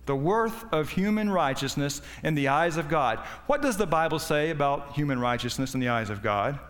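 A man's voice: lively intonation, moderate pace, fairly bright tone. Impassioned preacher man in a reverberant hall. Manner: impassioned, rising and falling in pitch and volume. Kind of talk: sermon.

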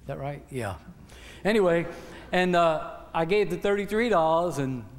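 An older man tells a folksy church testimony in a fairly high voice. He rambles and stammers through restarts, keeping the stories humorous. His voice rings with a long echo through the church hall. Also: normal speed. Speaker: church speaker giving testimony.

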